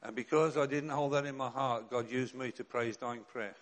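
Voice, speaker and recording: A man's voice: medium pitch, steady tone, normal speed. An older man, a bishop and chaplain preaching a sermon in an earnest, direct way with rhetorical questions and repeated refrains.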